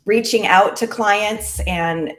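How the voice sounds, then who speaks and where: A middle-aged woman talks about her work as a clothing stylist in a friendly, chatty way, with plenty of ums along the way. Her voice sits in the middle of the range. The room around her adds a clear echo. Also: medium pitch, takes it slowly, fairly bright tone. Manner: chatty and friendly, with frequent fillers. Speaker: guest, clothing direct-sales stylist. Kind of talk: casual interview conversation. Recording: roomy echo.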